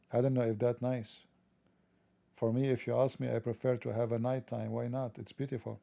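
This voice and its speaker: Male commentator, mid-pitched gravelly voice, mellow tone, mocking and jokey, sarcastic monologue. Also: dry recording. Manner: mocking, joking, rambling asides. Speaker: religion commentator.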